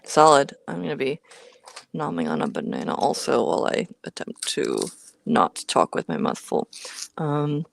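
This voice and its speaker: Woman, co-host, low pitch, thinks aloud, mutters while working, playful slang, dry close sound. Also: sing-song, moderate pace, creaky, dry recording. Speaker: co-host of a live hardware build stream. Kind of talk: casual chat.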